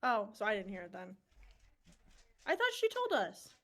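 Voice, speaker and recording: A woman's voice: mid-range voice, wildly swooping pitch, a bit bright. A woman playing a tabletop role-playing game, chatting with joking asides and puns. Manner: joking, quick asides, laughs at own puns. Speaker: player. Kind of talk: in-character tabletop role-play chat.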